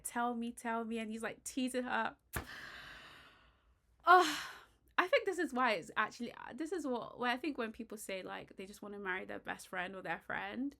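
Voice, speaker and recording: A British woman vlogger chatting casually and excitedly about a TV romance, gushing and getting loud at times. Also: a little high. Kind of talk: casual chat about a TV show.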